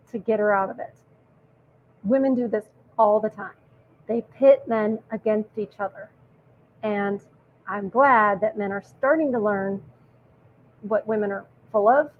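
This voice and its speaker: A woman delivers opinionated commentary with a sarcastic, mocking edge. Her voice sits a little high. The sound is narrow and tinny, like a phone line, with a faint hiss under it. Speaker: video commentator.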